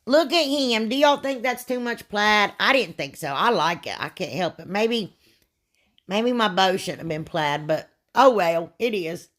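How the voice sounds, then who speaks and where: A woman, hosting a casual craft tutorial, chatty and rambling, with a sore throat that makes her clear it often. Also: medium pitch, lively intonation, a little slow, a bit bright. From Ohio, United States. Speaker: DIY crafts channel host.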